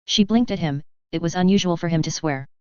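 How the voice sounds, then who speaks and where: A woman reading fan fiction aloud as narrator in a steady, even manner, on a dull lo-fi recording. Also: fairly low pitch, a little fast, clean tone, no room sound.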